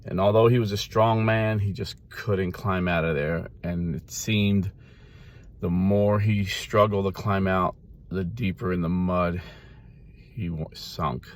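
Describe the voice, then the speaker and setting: A man preaching by telling a parable, lively in the story and slowing down softly toward the end. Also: sits low. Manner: lively storyteller, quick character voices, slows and softens for the ending. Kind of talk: storytelling sermon.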